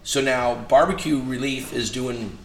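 A man's voice: medium pitch, a little slow. A man guest in a conversation, telling stories animatedly and acting out the dialogue. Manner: animated storyteller, acts out quoted dialogue. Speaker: interview guest. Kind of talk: casual storytelling in conversation. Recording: echoey room with faint noise.

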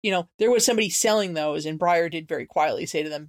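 A woman co-hosting a podcast in casual chat, talkative and lively, with many "you know" fillers. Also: fairly low pitch, fast talker, dry recording, studio quality.

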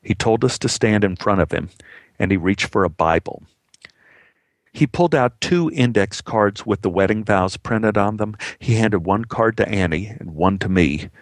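A man telling a personal story in a measured, heartfelt way, acting out the dialogue as he goes. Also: lowish voice, dry recording, clean studio sound.

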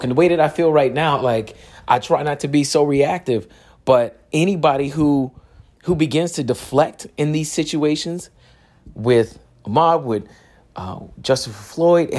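A man giving personal testimony, halting and searching for words, with frequent restarts. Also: medium pitch, a little mellow.

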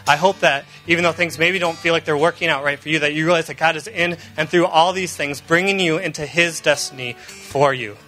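A man's voice: fairly high pitch, steady tone, a little fast, hardly any pauses, sharp tone, faint music behind. A man in his thirties, a pastor giving an earnest, conversational sermon. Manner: earnest and conversational, with frequent fillers and restarts.

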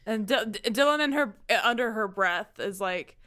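A woman playing a tabletop role-playing game, chatting casually and excitably. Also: medium pitch, normal speed. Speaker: player.

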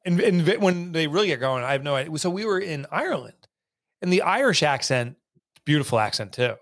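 A man hosting a casual podcast chat, telling lively stories and mimicking accents. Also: fairly high pitch, brisk, no echo, studio quality. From Northeast United States. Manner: animated storyteller, mimics accents. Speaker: podcast host.

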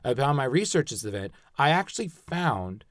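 A man's voice: medium pitch, big pitch swings, brisk, no echo, clean studio sound. A man hosting a casual true-crime podcast, explaining the case with hesitant stops and restarts. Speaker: podcast host.

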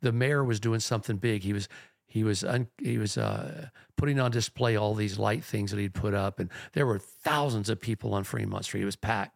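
Gravelly earnest pastor telling a story. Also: male voice, fairly low pitch, normal speed, no echo, clean studio sound. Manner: rambling, earnest anecdote telling. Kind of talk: storytelling in a podcast chat.

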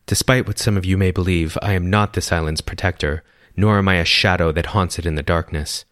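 A man voicing a calm, aloof woman of great age with strange power, speaking steadily and strongly. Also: deep voice, brisk, no echo, studio quality. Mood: steady.

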